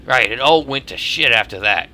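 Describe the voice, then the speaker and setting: A man's voice: medium pitch, expressive, moderate pace, sharp tone, a little hiss or hum. A man voicing a blunt mercenary in a put-on Australian accent, telling a war story from a game. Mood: boastful. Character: gruff male mercenary telling war stories.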